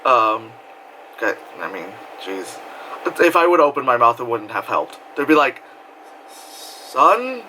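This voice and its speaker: A young man telling a story in casual vlog style, rambling with lots of fillers and breaking into loud screams and laughter. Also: mid-range voice, big pitch swings, normal speed, a little hiss or hum, poor audio. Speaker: vlogger.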